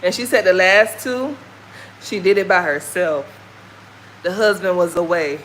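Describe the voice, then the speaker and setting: Out walking, a vlogger from the American South talks casually, her Southern accent carrying a frank, homespun style. She speaks a little slowly in a fairly low voice, and the rough recording picks up some faint background noise.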